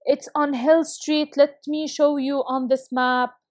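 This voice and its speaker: A woman teaching an English lesson to schoolchildren on video, reading example phrases slowly and carefully and often praising her students. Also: high-pitched, flat delivery, no room sound, studio quality.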